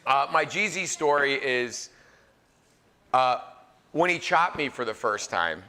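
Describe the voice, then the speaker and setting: A man in his forties, a chef, telling funny stories live to a crowd in a casual, animated way. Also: medium pitch, takes it slowly, a little hiss or hum. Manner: animated, joking, filler-heavy. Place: live event venue.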